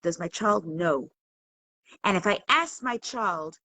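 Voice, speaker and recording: A woman's voice: mid-range voice, expressive, a little slow, fairly bright tone, no echo, poor audio. Earnest woman teaching a live class. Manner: earnest, questioning, engages the audience. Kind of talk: live-streamed talk to viewers.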